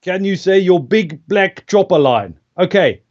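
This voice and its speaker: A man's voice: high voice, animated, unhurried, a little mellow, dry recording. A British man talking as a guest voice actor in a playful, jokey live chat, on muffled lo-fi stream audio. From Britain.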